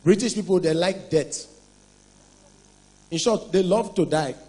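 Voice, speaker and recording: Nigerian male stand-up comic, high-pitched, punchy storytelling in Pidgin and English. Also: a little slow, dark tone, poor audio. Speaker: stand-up comedian. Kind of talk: stand-up comedy routine.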